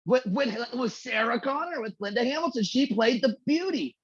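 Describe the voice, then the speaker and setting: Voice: mid-range voice, animated, normal speed, slightly rough. A podcast co-host telling a long story in a casual, rambling, heavily profane way. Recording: slightly dull lo-fi audio.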